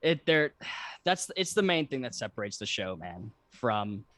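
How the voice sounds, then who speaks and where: A man's voice: lowish voice, big pitch swings, measured pace, fairly bright tone, dry recording. A man co-hosting a podcast in casual chat, laughing often and acting out quoted lines in voices. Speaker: podcast co-host.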